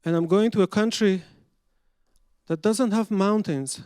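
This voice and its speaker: Iranian guy w performing a story onstage, high clean voice, acts out all the dialogue. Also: unhurried, smooth, no room sound, clean studio sound. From Iran. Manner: dramatic, acts out dialogue, shifts between loud and hushed.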